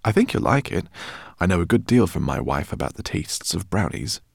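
A man's voice: low voice, very animated, a little fast, creaky, no echo, studio quality, full character voice. A man voicing a kindly, bookish male professor who talks in a courteous, rambling way. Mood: genial. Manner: courteous, rambling, gently embarrassed. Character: kindly bookish male professor, middle-aged, fussy host.

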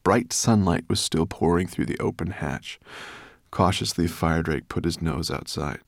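A man narrating a story in an expressive, dramatic way. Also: deep voice, moderate pace, gravelly, no room sound, studio quality. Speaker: audiobook narrator. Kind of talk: scripted narration.

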